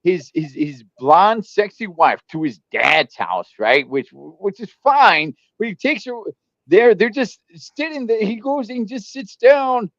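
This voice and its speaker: A man's voice: high voice, sing-song, unhurried, a bit bright, dry recording. A man hosting a casual movie podcast, talking emphatically and repeating himself when he cuts in. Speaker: podcast host. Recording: dry, dull lo-fi mic.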